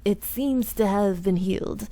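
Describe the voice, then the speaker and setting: A woman voicing a composed young samurai man, speaking in a measured, solemn way while reading game dialogue aloud. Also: medium pitch. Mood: calm. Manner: measured, solemn, quiet delivery.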